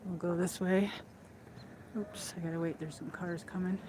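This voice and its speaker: A woman's voice: fairly low pitch, little pitch movement, moderate pace, background noise. A woman hosting a casual walk-and-talk livestream outdoors by a lake, chatting in a rambling way with lots of fillers, a little out of breath from walking, on a handheld phone. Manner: chatty and rambling, with many "like"s and restarts. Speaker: livestream host.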